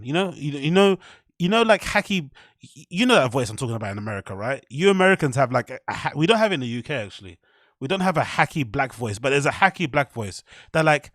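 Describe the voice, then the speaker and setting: A British man running a livestream, reacting on the fly in a blunt, rambling way with plenty of swearing. His voice sits a bit high for a man. The sound is dry and close, with no room around it. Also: lively intonation, quick pace, fairly bright tone, no room sound. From United Kingdom. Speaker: livestream host.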